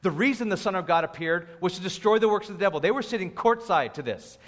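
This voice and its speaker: A young man with a fairly high voice and a sore throat preaches in a loose, storytelling style. His informal, lively delivery rings out with a long reverb trail in a church hall. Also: quick pace. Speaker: pastor. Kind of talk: conversational sermon. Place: church venue.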